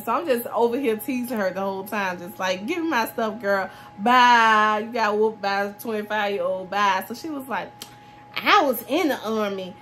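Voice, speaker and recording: Her medium-pitched voice moves at normal speed as this woman in her twenties recounts a storytime vlog, laughing and voicing every character's quoted words with animation.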